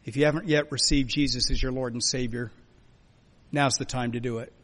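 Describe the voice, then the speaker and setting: A man preaching a sermon as a pastor, emphatic, swinging between loud urging and quiet, soft lines. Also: medium pitch, steady tone, a little fast. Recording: long hall reverb.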